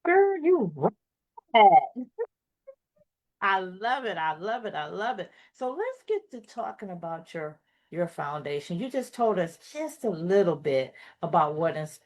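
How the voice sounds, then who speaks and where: A woman's voice: lowish voice, very animated, moderate pace. Chatty Southern woman hosting a talk show. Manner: chatty, affectionate, jokes with the guest.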